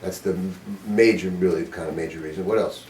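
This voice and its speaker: A man's voice: sits low, fairly quick, darkish tone, slight background noise. An older man teaching a saxophone master class in a studio, talking bluntly and informally, quizzing his students and swearing casually. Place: music studio. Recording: roomy sound from a distant mic.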